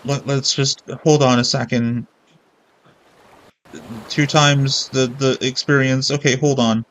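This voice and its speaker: A man's voice: mid-range voice, fairly even intonation, slow pace, a bit bright, a little hiss or hum, low-quality recording. A man streaming a video game, rambling in casual commentary with sarcastic jokes and frequent swearing.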